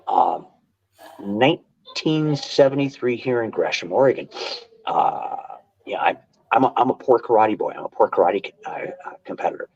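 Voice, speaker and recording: An older man telling stories as a podcast guest, animated and quick to restart his sentences, on dull lo-fi audio. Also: medium pitch, gravelly, breathy edge. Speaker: guest, martial arts instructor. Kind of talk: casual storytelling interview.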